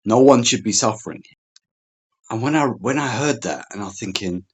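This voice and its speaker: A middle-aged man, a relationships coach and interview guest, telling a personal story in an animated way, repeating words and quoting people. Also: medium pitch, normal speed, breathy edge, muffled recording.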